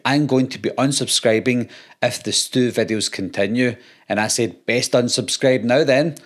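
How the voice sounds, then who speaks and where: A Scottish man and YouTuber, reading out comments in casual talk with dry, sarcastic comebacks. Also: medium pitch. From Scotland.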